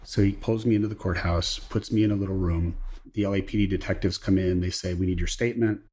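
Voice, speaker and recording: Man, middle-aged, low-pitched, husky, casual storytelling, mimics quoted voices. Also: quick pace. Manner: animated anecdote-telling, acting out quoted voices. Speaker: interview guest.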